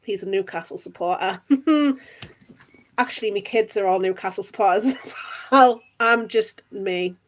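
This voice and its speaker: A woman's voice: medium pitch, normal speed. A woman in her thirties from Northeast England with a Northeast English accent, reading tarot on a live stream and chatting to viewers with lots of giggles. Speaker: tarot reader.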